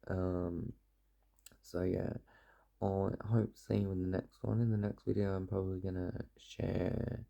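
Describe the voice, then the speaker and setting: A man's voice: deep voice, flat delivery, unhurried, vocal fry, dark tone. A young man chatting casually to camera, rambling and swearing freely, in a playful put-on accent. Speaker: vlogger.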